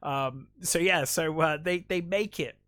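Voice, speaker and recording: A film podcast co-host, speaking in a fairly high, fairly bright voice at a measured pace, casually retells scenes and acts out characters' lines with plenty of fillers. The sound is studio quality with no echo, in a relaxed film review chat.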